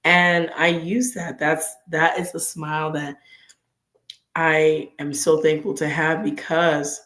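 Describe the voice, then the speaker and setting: A woman's voice: low-pitched, little pitch movement, slow pace, fairly bright tone, reverberant. A woman hosting a casual vlog, sharing faith and personal stories in an earnest way and acting out bits of inner dialogue. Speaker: vlog host.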